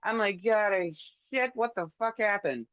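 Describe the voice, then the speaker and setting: A man's voice: high-pitched, moderate pace, a bit bright. A man co-hosting a casual advice show, swearing freely and talking with animation. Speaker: co-host. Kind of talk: casual podcast chat. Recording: dry, dull lo-fi sound.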